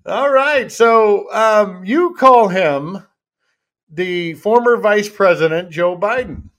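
A man's voice: high-pitched, expressive, takes it slowly, a bit bright. A man hosting a talk radio show, upbeat and jokey as he interviews a guest.

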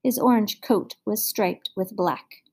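A woman reading a fairy tale aloud as narrator, in an expressive storybook manner. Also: mid-range voice, takes it slowly, husky.

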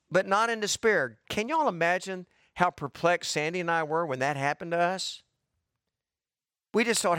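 A pastor preaches in a folksy, conversational way, building to emphatic repeated lines. His voice sits a bit high and sounds slightly worn and short of breath. The sound is close and dry. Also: moderate pace, a bit bright, no echo. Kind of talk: sermon.

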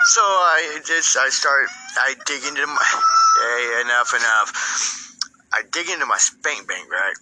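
A man's voice: medium pitch, bright, forceful tone, low-quality recording. A man telling a crude personal story in a profane, rambling way, tagging lines with "right?".

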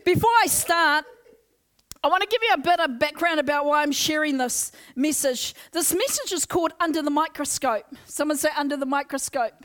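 A young woman with a very high voice preaches an energetic Pentecostal sermon to a church congregation. She is loud and excitable, leading call-and-response and urging the crowd along. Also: a little fast. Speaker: guest preacher. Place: church service.

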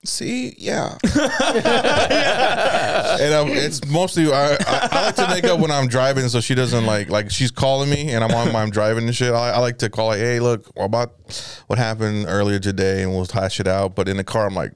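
A man in casual crude conversation, animated, often mimicking other voices mockingly and laughing. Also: medium pitch, normal speed, smooth.

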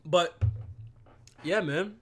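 Against slight background noise, a young vlogger speaks very slowly in a voice on the high side. He's venting to a camera set on his computer in a rambling rant, swearing constantly.

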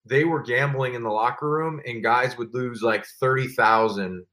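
A man in his thirties, once a pro football player, tells stories in a loose, casual way. He talks at a middle pitch, packs his speech with fillers, and acts out what other people said. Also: normal speed. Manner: animated, filler-heavy, acts out quotes. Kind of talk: casual storytelling.

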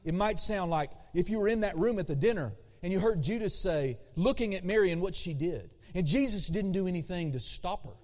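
Preacher, male, high pitched, animated, loud then hushed, recorded with hall reverb. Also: a little fast, hardly any pauses. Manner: animated, shifts between loud emphasis and hushed asides. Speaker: pastor. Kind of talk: sermon. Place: church sanctuary.

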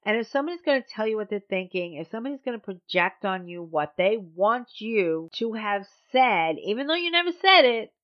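A woman hosting a podcast, telling a personal story in a blunt, sardonic, animated way. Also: medium pitch, brisk, hardly any pauses, lo-fi sound. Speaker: podcast host.

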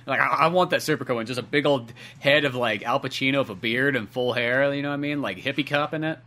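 A man's voice: medium pitch, fast, bright, forceful tone. A young man co-hosting a podcast, chatting casually with a loose, profane way of talking. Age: young adult. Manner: loose and profane, lots of fillers. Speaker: podcast co-host. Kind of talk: casual chat.

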